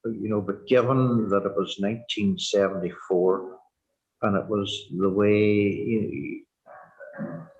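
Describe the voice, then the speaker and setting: A man in his sixties with a Northern Irish accent, telling his personal story in a halting, earnest way, full of "you know" fillers. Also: lowish voice, steady tone, darkish tone, highs cut off. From Northern Ireland. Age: 60s. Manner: reflective and earnest. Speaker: former prisoner sharing his story. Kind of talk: personal testimony.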